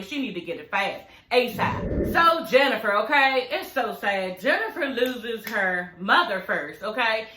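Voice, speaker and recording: A woman giving a casual, profane, animated recap of a reality show, talking straight to her viewers and laughing often. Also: on the high side, echoey room. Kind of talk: casual unscripted recap rant.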